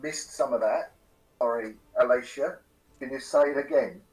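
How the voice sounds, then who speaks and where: A man playing a tabletop role-playing game, talking in a relaxed, casual way. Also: medium pitch, normal speed, slightly rough, soft background music, poor audio. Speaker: player.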